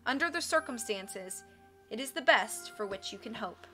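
A woman reading a book aloud on a live stream, with expressive narration and casual asides to her chat. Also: fairly high pitch, normal speed, music in the background.

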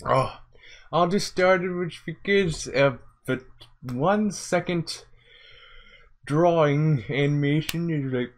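A man's voice: a little high, slow. A man hosting a casual reaction vlog, playful and laughing often, sometimes slipping into silly voices. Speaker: YouTuber host.

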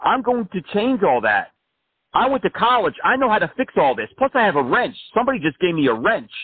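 A man playing a brash, self-important politician who rambles an absurd campaign pitch over the phone. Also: sing-song, a little fast, slightly rough, no room sound, exaggerated voice. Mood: pompous. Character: self-important male fringe politician, a smooth-talking blowhard. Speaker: prank caller. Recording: phone-like line.

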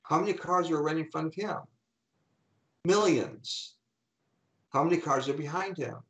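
A middle-aged man, a coach and speaker, telling animated anecdotes in an interview and acting out the people he quotes. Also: a little high, fast, low-quality recording. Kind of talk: storytelling in an interview.

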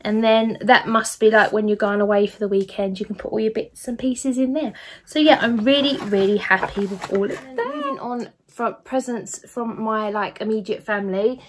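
A woman's voice: on the high side, expressive, normal speed, a little hiss or hum. A young woman chatting casually and gushing over her gifts in a haul video. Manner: gushing, enthusiastic, chatty with fillers. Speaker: vlogger. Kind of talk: casual gift haul chat.

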